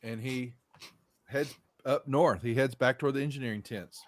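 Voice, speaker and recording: A man's voice: mid-range voice, normal speed. A man, running a tabletop game in loose, rambling narration. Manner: loose, rambling, full of fillers and restarts. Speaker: game master.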